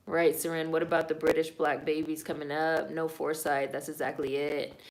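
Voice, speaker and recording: A woman's voice: sits low, little pitch movement, moderate pace, vocal fry. A woman streaming live and reading viewer comments aloud, talking bluntly and loosely, with plenty of swearing and fillers. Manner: blunt, opinionated, frequently swearing; loose talk full of fillers like "like" and "y'all".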